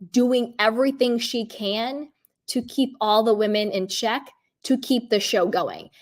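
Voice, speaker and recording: Chatty woman with a high voice. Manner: chatty and emphatic, frequent "like" and "you know". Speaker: reality TV commentator. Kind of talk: casual commentary vlog.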